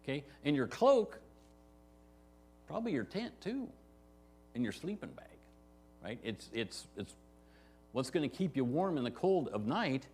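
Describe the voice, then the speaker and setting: Lively conversational male pastor. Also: medium pitch, a little slow, pauses often, slightly rough. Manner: conversational, often asks "right?" to the congregation. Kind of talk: verse-by-verse sermon. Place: church sanctuary.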